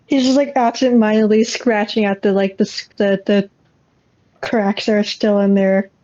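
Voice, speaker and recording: A woman playing a tabletop game, giggly and quick to apologize. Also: mid-range voice, flat delivery, warm tone. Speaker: player. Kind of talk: casual tabletop play. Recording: dull lo-fi mic.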